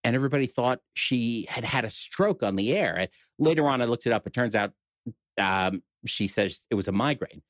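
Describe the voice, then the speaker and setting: A man's voice: medium pitch, lively intonation, fairly quick, no echo. Middle-aged New York man, dry sound. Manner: storytelling with frequent restarts and wry humor. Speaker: podcast guest. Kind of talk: casual conversation.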